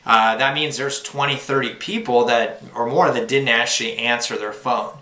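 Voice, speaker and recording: A man's voice: mid-range voice, fairly even intonation, moderate pace, bright, forceful tone, roomy sound. A young man giving casual, upbeat tips to new sales reps, with lots of fillers. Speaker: sales trainer. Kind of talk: instructional talk to new reps.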